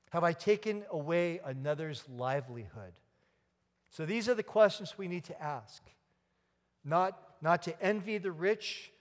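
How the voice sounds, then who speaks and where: Guy preaching a sermon, kinda high voice, lots of questions and pauses, big echoey church. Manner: emphatic, dramatic pauses and questions. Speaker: pastor. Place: church sanctuary. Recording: long reverb of a church hall.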